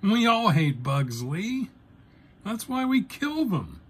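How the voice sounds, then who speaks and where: A man's voice: high voice, sing-song, takes it slowly, breathy edge, pitched above the performer's own voice, heavily acted. A man voicing the jovial male boss of a pest-control crew, hearty and coaxing, turning incredulous.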